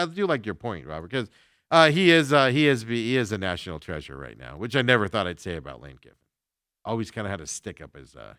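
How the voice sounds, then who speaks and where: A man's voice: fairly low pitch, sharp tone, smooth, no room sound, studio quality. A man hosting a sports talk show, chatting casually with lots of fillers as he reacts to viewer comments.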